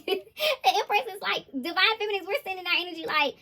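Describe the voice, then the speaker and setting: A woman giving a casual tarot reading to her viewers, animated and exclaiming as she goes. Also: extremely high pitch, fast talker. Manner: animated, laughing, exclaiming "ooh, child". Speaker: intuitive tarot reader.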